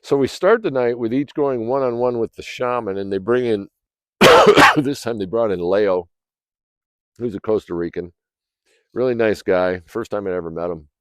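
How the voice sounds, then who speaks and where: Man, low voice, dry close sound, rambling personal story, clears throat often, outdoors by a fire. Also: moderate pace, dry recording. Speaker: vlogger.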